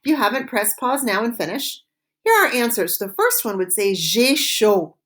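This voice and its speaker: A woman leads a recorded language lesson. Her voice sits a little high. She spells out each phrase slowly and carefully so listeners can repeat after her. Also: expressive, a bit bright. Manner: slow, clear modeling of phrases for repetition. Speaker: French teacher.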